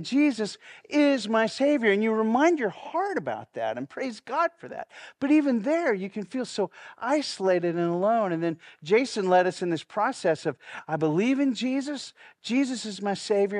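A man's voice: high voice, no echo, studio quality. A man preaching a sermon as pastor, earnest, leading the congregation in repeating lines. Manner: earnest, leads congregation in call-and-response.

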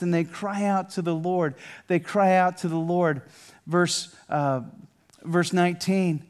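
Higher-voiced man preaching, hushed to emphatic. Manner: swings from emphatic preaching to hushed, near-whispered prayer; reads scripture aloud with dramatic pauses. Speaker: pastor. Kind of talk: sermon.

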